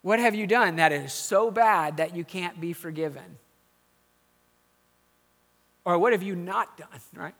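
Bright, high-voiced man preaching conversationally. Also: a little slow, long pauses. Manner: conversational preaching, dropping to quiet asides and rising to emphatic questions. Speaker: pastor. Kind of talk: sermon.

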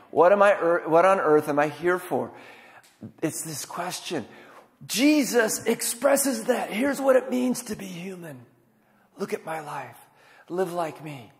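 Male pastor, somewhat high gravelly voice, emphatic sermon delivery. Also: big-room sound. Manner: emphatic, swinging from loud to hushed.

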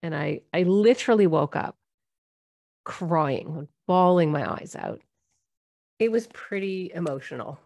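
Low-voiced mother telling a story. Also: animated, a little slow, vocal fry, pauses often. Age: middle-aged. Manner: warm, reflective, acts out quoted voices. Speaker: parenting speaker. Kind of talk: personal storytelling talk.

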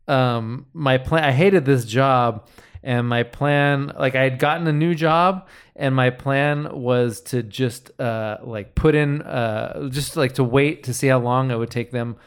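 Male podcast host, smooth resonant voice, halting rambling storyteller. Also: medium pitch. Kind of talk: casual chat.

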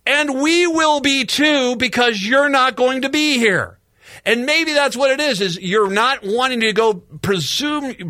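A man's voice: sits high, sharp tone, dry recording. A middle-aged male radio talk show host giving a sarcastic, exasperated political commentary monologue into a studio microphone.

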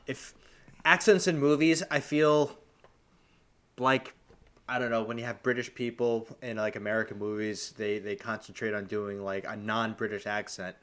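Bright-voiced man chatting with "like" fillers. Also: on the low side, fairly even intonation. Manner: talks fast with lots of "like" fillers. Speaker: podcast co-host. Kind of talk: casual chat.

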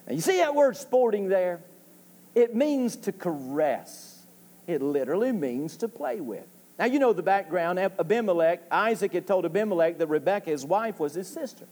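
High-voiced preacher in a reverberant church. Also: male voice, big pitch swings, a little fast, a little mellow. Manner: folksy joke-telling preacher with rising emphatic calls. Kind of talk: sermon. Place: church sanctuary. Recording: long reverb of a church hall.

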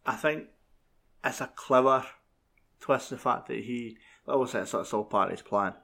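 A young Scottish man in casual film chat, laid-back and quick to agree, with many fillers. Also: mid-range voice, creaky, a bit bright. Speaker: podcast co-host.

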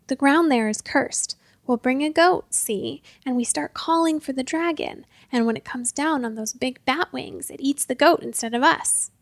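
A woman's voice: high voice, dry recording. A woman doing a hissing little goblin schemer. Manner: conspiratorial, hissing.

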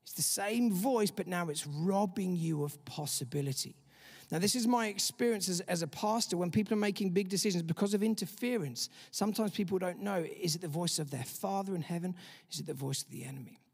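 Man, pastor, sermon, high voice, animated, long hall reverb. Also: brisk, husky. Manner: animated preaching with acted-out inner voices.

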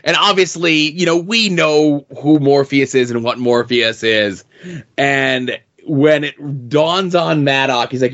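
A man's voice: mid-range voice, slow, fairly bright tone. A man co-hosting a casual podcast chat, eagerly jumping in to add his own view. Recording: dull lo-fi recording.

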